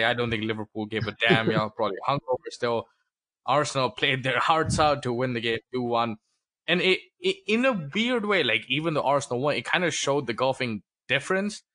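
A man's voice: medium pitch, pushed and bright, dry recording, clean studio sound. A man co-hosting a football podcast, steering the game-by-game review in casual talk with plenty of ums and the odd swear. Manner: leads the segments, filler-heavy, occasionally crude. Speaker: podcast co-host, football fan.

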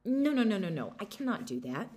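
A woman voicing a stingy, gruff old farmer in a storybook reading. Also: medium pitch, sing-song, a little fast, a little mellow, natural voice. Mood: pleading. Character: stingy grumbling old male farmer, a miser.

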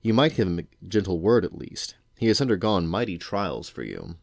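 A man's voice: low-pitched, very animated, normal speed, gravelly, no room sound, clean studio sound, full character voice. A man reading aloud as a practical older woman cook who talks mildly and in a matter-of-fact way. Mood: gentle.

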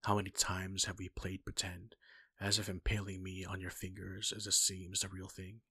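A man voicing a pleading, eager young woman in a fan-fiction reading, with a husky, breathy voice. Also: low-pitched, completely flat delivery, moderate pace, pushed and bright, no echo, studio quality, heavily acted. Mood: insistent.

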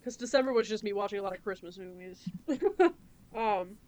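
A woman talks through recent films in a loose, chatty podcast conversation. She laughs often and swears freely, with a middle-range pitch. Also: lively intonation, normal speed, darkish tone, dry recording. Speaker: podcast co-host. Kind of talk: casual chat.

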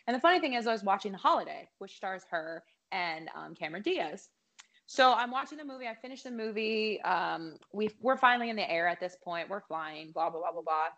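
A woman's voice: mid-range voice, lively intonation, brisk, a bit bright, muffled recording. Talkative woman rambling through a story, casual podcast chat. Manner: chatty, lots of fillers and likes. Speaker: podcast guest, singer.

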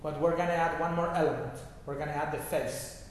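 Man leading a laughter yoga class, kinda high voice, long hall reverb, bit of noise behind. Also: fairly even intonation, fairly quick. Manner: instructive, checks in with repeated "okay?". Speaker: yoga teacher. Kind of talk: guided laughter meditation class. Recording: echoey hall with faint noise.

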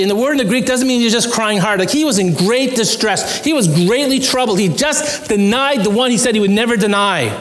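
Earnest male pastor, higher voice. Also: fairly bright tone. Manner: earnest, pleading, rises in pitch when stressing points. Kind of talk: sermon.

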